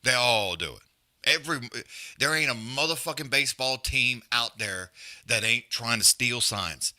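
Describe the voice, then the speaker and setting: A man's voice: medium pitch, normal speed. A man hosting a live fight stream, trash-talking in profane casual banter and calling the action. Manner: loud, profane, animated trash talk. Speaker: livestream host.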